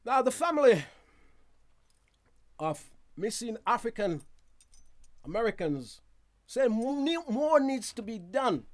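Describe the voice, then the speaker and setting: A man hosting a casual news roundup from a studio, chatty and quick to laugh at himself, with asides to his viewers. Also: very high voice, sing-song. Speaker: news show host.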